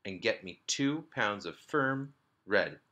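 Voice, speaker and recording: A man's voice: fairly low pitch, expressive, slow pace, pushed and bright, exaggerated voice. A man voicing a patient father sending his son on an errand, reading a children's storybook aloud.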